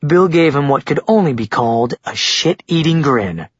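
A man with a husky voice reading a novel in even, measured narration. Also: a little high, no room sound. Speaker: audiobook narrator. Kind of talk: scripted narration. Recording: dry, dull lo-fi recording.

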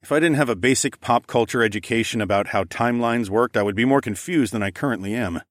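A man's voice: mid-range voice, fast talker, no echo, clean studio sound. A man narrating a first-person audiobook story in a wry, conversational way.

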